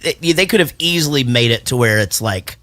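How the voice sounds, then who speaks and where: Lively, animated male podcast host. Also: medium pitch, a little fast, no room sound. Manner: animated, laughs often, swears casually. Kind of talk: casual chat, quiz host.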